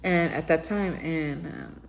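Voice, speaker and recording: A woman's voice: sits low, takes it slowly, creaky, rough recording. A woman hosting daily recovery reflections, telling her own story in a candid, conversational way and speaking straight to her listeners.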